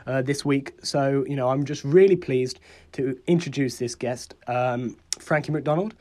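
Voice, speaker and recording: Nasal podcast host with a cold. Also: male voice, medium pitch, normal speed, dark tone. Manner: eager, repeats words while introducing. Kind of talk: casual podcast chat.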